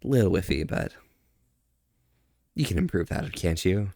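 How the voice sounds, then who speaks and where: Soft-spoken man with a low voice. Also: lively intonation, gravelly, no room sound, clean studio sound. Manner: soft-spoken, slow drawn-out praise. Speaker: streamer. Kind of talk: casual livestream chat.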